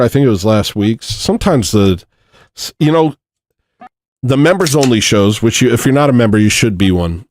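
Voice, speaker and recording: A man's voice: mid-range voice, expressive, moderate pace, darkish tone, no echo, clean studio sound. A man hosting a casual livestream, rambling and self-deprecating as he reads chat messages and verses aloud. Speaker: livestream host.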